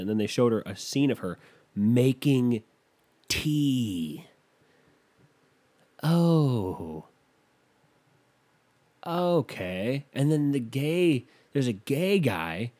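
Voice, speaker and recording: A man's voice: medium pitch, sing-song, slow, long pauses, warm tone. A man telling a rambling, self-deprecating story in casual chat, losing his thread and picking it back up.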